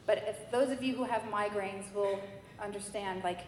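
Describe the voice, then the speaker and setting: Woman, faith testimony, lively storyteller, acts out dialogue, long reverb of a big hall. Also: medium pitch, normal speed. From New York. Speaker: church member giving testimony. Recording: echoey hall with faint noise.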